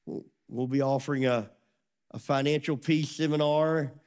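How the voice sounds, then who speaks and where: A middle-aged man preaching a sermon as a pastor, telling a story with lively acted-out dialogue. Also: mid-range voice, normal speed, smooth. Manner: animated storytelling, acts out dialogue.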